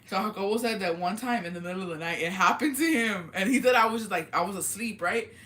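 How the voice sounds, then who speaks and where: A fast-talking woman with a mid-range voice hosts a laid-back livestream chat and reads out viewer comments. She tells stories animatedly, using many fillers, swearing freely and laughing often.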